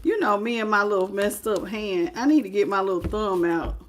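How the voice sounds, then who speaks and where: A woman's voice: medium pitch, fairly quick, slight background noise. A woman giving a casual live-stream tarot reading, chatty and emphatic, often laughing and greeting viewers by name. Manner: emphatic, repeats key phrases. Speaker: tarot reader.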